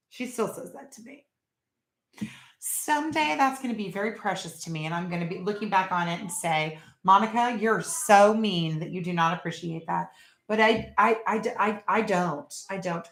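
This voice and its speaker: A woman's voice: medium pitch, bright, forceful tone, echoey room. A middle-aged woman hosting a casual live stream, chatting and rambling and laughing at viewers' jokes.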